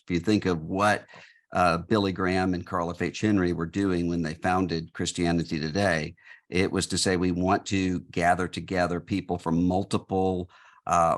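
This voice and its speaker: A man giving measured, thoughtful answers in an interview, with frequent fillers and restarts. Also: sits low. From United States. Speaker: guest.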